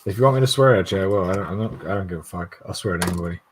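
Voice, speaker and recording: A man's voice: low-pitched, rapid-fire, slight background noise, low-quality recording. A middle-aged man rambling and laughing in casual chat on a video call, swearing freely. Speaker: guest YouTube creator.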